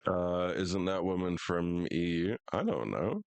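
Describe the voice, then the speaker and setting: A man's voice: low voice, sing-song, measured pace, creaky, hardly any pauses, no room sound. A young American man streaming a game, chatting casually in profane, joking banter. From United States. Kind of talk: casual live gaming chat.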